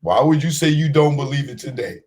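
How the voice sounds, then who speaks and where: A man's voice: mid-range voice, lively intonation, fairly quick, a little mellow. A man hosting a show, giving blunt, streetwise commentary on a clip he has just played. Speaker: podcast host.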